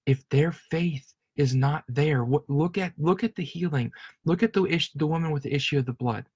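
A man's voice: a little high, moderate pace, a little mellow, husky, no echo. A man preaching a sermon in an earnest, emotional way, often restarting and repeating his words. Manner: earnest, repetitive, stumbling restarts. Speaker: pastor.

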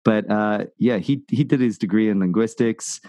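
Rambling low-voiced podcast host. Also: male voice, normal speed, warm tone, no room sound. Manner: rambling, many fillers and restarts, jokey. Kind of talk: casual podcast chat.

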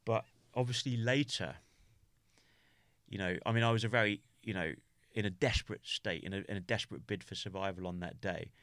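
A man from the United Kingdom talks through a hard memory as a podcast guest. His voice sits low, and the recording is dry and close with no room sound. He stumbles and restarts often, leaning on "you know" as he searches for words. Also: a bit bright, no room sound. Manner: halting, with many restarts and "you know" fillers. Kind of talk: personal storytelling in an interview.

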